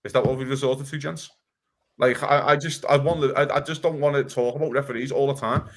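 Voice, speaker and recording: Fast-talking heated man ranting. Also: mid-range voice, fairly even intonation. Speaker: podcast co-host. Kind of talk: casual football chat.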